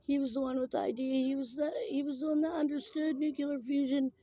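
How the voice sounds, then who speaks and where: A woman talking in a personal vlog, tearful after crying, rambling and halting with many fillers. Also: sits high, little pitch movement, vocal fry, dark tone, no echo.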